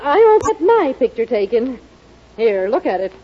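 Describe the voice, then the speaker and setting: An actress playing a fussy, excitable middle-aged mother in a 1940s radio sitcom, exclaiming and flustered. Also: a little high, normal speed. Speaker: comic mother. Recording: muffled old radio broadcast with audience. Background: studio audience laughter.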